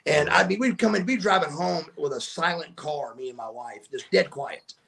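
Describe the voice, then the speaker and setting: A middle-aged man, a podcast guest telling stories in a casual, animated way and acting out the voices of the people in them. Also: fairly high pitch, normal speed, gravelly, a crowd in the background. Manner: animated storyteller who acts out quoted voices. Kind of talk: casual storytelling.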